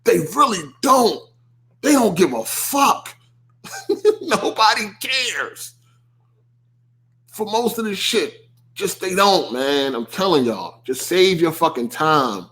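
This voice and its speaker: With a high-pitched voice, this podcast host takes his time, leaving long pauses as he rants. The talk is casual and animated, full of swearing, laughter and mocking impressions of quoted voices.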